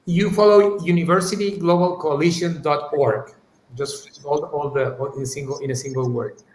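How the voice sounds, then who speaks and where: Guy w answering interview questions, bit higher voice, lots of restarts and "you know", echoey room, faint hum. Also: steady tone, moderate pace. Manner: thoughtful, many restarts and "you know", "right?". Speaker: university leader, interview guest. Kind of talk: live-streamed interview answers. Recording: roomy echo, faint ambient noise.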